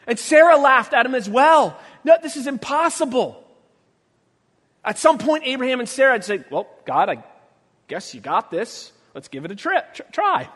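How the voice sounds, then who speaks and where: Male preacher with a strikingly high voice; a playful sermon, acted-out quotes, loud and soft turns, echoing sanctuary. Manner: humorous storytelling, acting out quotes, swinging from soft to loud. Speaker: pastor. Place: church sanctuary. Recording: long church reverb.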